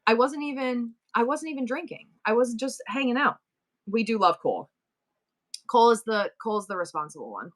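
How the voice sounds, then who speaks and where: Middle-aged woman, live-stream host, slightly high voice, chatty and rambling, animated storyteller. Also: brisk. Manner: animated, rambling storyteller with many asides and restarts. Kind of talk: casual storytelling chat.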